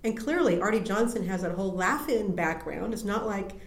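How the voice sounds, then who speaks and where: A woman's voice: mid-range voice, animated, brisk. A woman interviewer telling chatty anecdotes in a library study room. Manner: chatty anecdotes, laughs easily. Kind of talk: casual chat. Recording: roomy echo.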